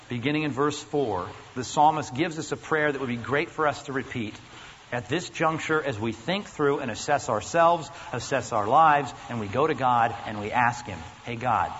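The pastor's medium-pitched, slightly bright voice moves at a moderate pace through an earnest, emphatic sermon punctuated by questions to his listeners. The audio, captured in a large, reverberant church sanctuary, is dull and lo-fi with faint noise.

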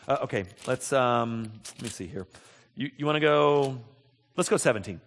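A pastor preaching a conversational sermon, acting out the dialogue of the scripture stories with frequent restarts. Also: male voice, medium pitch, brisk, in a large hall. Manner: conversational, acts out dialogue, repeats words.

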